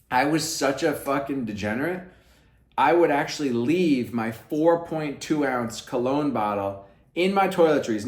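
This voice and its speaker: A man telling a story to camera in a brash, profane way, swinging between hushed asides and loud emphatic bursts. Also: mid-range voice, echoey room. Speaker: vlogger.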